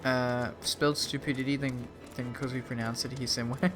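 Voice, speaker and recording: A man's voice: mid-range voice, little pitch movement, moderate pace, over music. A young Australian man streaming a game, chatting casually and self-mockingly with his chat. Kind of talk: casual gaming commentary.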